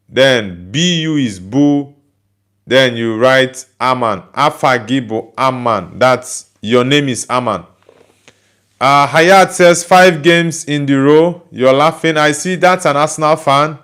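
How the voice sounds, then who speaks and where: A man's voice: medium pitch, slow pace, fairly bright tone. A Nigerian man, a native Igbo speaker, hosting a casual livestream and chattily answering viewer comments he reads aloud. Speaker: host.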